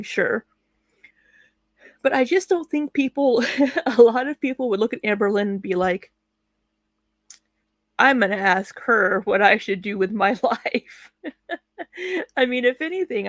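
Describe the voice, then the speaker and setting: A woman's voice: mid-range voice, creaky, no room sound. A woman giving blunt, sarcastic commentary while live streaming, swearing freely and laughing between remarks. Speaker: reaction commentator.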